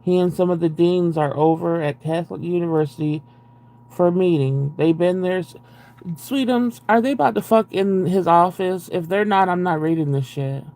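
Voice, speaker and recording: A man's voice: sits high, normal speed, a little mellow. A young man on a live stream reading a book aloud and breaking off into profane, exasperated, sarcastic commentary. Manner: profane, exasperated, sarcastic asides between read passages.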